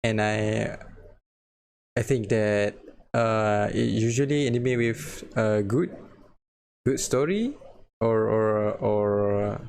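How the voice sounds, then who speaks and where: A man's voice: on the low side, creaky, darkish tone, a little hiss or hum. A man co-hosting a casual podcast chat, stuttering and restarting often, with frequent laughs. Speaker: podcast co-host.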